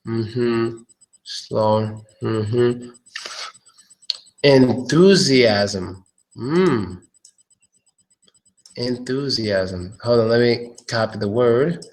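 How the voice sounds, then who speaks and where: A relaxed man tutors pronunciation on a casual live stream. He says each word slowly, again and again, and drops curse words without fuss. His voice sits at an ordinary middle pitch for a man.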